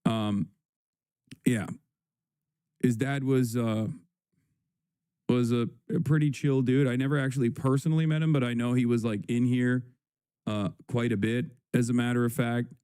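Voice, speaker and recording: A man talks casually on a livestream in a dark, mellow voice that stays smooth and clear. He reads headlines in a slow, drawn-out way, drops dry sarcasm and fills gaps with ums and uhs. The sound is close and dry, with no room around it. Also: mid-range voice, steady tone, no room sound. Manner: sarcastic, drawn-out reading of headlines with many fillers. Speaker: livestream host.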